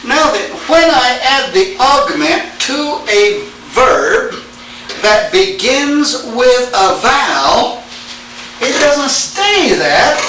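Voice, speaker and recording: In a church classroom, a man with an extremely high-pitched voice teaches Greek grammar, quizzing his students with "all right?" and "now then." The tape catches him from far off in an echoey room, with background noise throughout.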